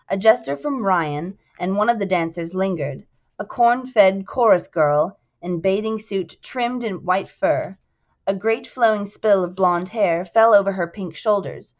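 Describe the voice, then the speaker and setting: A woman's voice: medium pitch, dull audio. Woman narrating an audiobook.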